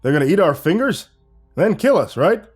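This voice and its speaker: A man voicing an excitable, goofy young man who talks eagerly and loudly. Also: high-pitched, moderate pace, slightly rough, faint music behind, voice pushed up, full character voice. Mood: alarmed. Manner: eager, loud, upbeat.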